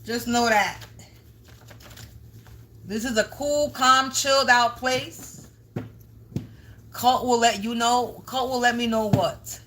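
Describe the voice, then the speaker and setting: A bright-toned woman runs a confrontational livestream as a tarot reader. She scolds her viewers bluntly, curses freely and gets louder when she makes her point. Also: mid-range voice, slight background noise. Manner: blunt, scolding, swears often, raises voice at times.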